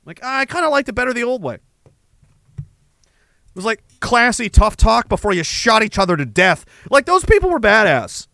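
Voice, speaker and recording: Man, podcast host, crude sarcastic rant, high pitch, sharp tone. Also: big pitch swings, moderate pace, dry recording. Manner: crude, sarcastic, mocking, reads chat comments. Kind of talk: casual livestream rant.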